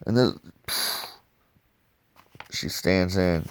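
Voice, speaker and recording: A man casually reviewing comic books in a loose, slangy, excitable way. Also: deep voice, takes it slowly.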